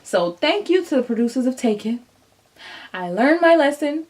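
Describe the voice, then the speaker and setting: A woman's voice: sits high, moderate pace. Chatty young woman telling a story. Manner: animated storyteller acting out quotes; casual, chatty, addresses viewers directly. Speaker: vlogger. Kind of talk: storytime vlog.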